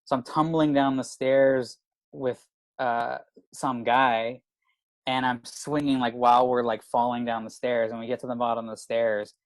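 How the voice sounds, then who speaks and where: A man's voice: mid-range voice, normal speed, no room sound, rough recording. A man in his thirties from Canada, a comedian telling a rowdy story in casual podcast chat, swearing and saying "like" constantly. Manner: animated, swearing, lots of filler "like". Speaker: comedian guest.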